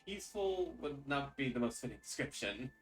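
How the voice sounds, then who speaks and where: Man voicing a solemn haunted woman, archaic phrasing, his own pitch. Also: lively intonation, normal speed, distant mic, faint music behind, close to an everyday voice, low-quality recording.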